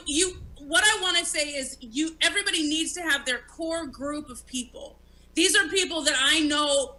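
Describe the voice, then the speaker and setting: A woman's voice: high voice, bright, forceful tone, rough recording. A woman in her late thirties, a stand-up comic hosting an online talk show, talking candidly and with plenty of profanity. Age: 30s. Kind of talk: casual live-streamed talk show chat.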